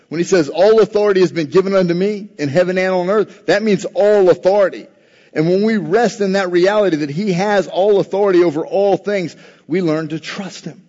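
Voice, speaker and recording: This pastor's voice sits fairly high and sounds mellow as he delivers an earnest sermon, his emphasis swelling around scripture quotations. It was captured in a church sanctuary, and the audio is dull with lengthy reverb.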